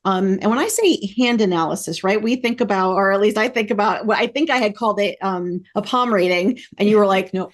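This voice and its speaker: Excitable lady podcast host, gushing and rambly, kinda mid pitch. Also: fairly quick, hardly any pauses. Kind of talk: casual interview chat.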